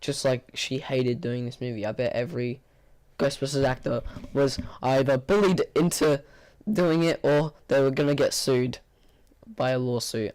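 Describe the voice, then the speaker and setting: In a hoarse, tired, mid-range voice, a man gives a casual spoken movie review. He rambles flatly and sounds bored, filling his talk with fillers and restarts.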